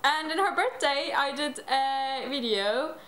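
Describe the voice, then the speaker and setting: A woman's voice: high-pitched, a little slow, fairly bright tone. A teenage girl chatting casually in a home vlog, giggling often. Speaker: vlogger. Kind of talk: casual chat. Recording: noisy home video.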